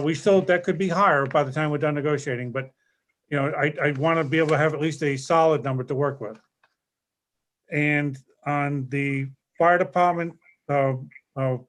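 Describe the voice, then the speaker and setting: A man with a slightly high voice reporting budget numbers to a town council. He talks in a measured, unhurried way and pauses often to find the next figure. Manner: measured, reads out numbers with hesitations. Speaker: town administrator.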